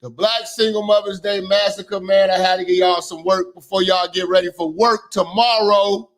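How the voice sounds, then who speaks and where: A man's voice: high-pitched, fairly even intonation, moderate pace. A man hosting a commentary show in a laid-back, slangy way, ending lines with "man". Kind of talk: casual commentary. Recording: speech over loud background music.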